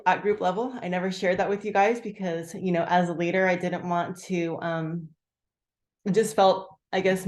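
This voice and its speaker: A woman leading a group, sharing her story candidly and haltingly, full of "like" fillers, on a video call. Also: fairly low pitch, a little mellow, reverberant. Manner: candid, halting, many "like" fillers, bursts of acted-out quotes. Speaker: team leader sharing gratitude.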